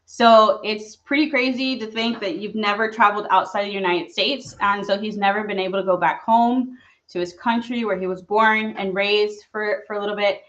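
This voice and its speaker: Woman, thirties, immigration attorney, live Q&A stream, earnest, mid-pitched, slightly dull lo-fi audio. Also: fairly even intonation, moderate pace, a bit bright. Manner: earnest, personal, speaks with fillers.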